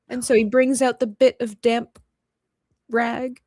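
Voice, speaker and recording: Woman, fairly high voice, animated storyteller, casual chat, dry close sound. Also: unhurried, pauses often, no echo. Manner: animated storyteller who acts out lines with laughter. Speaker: podcast co-host.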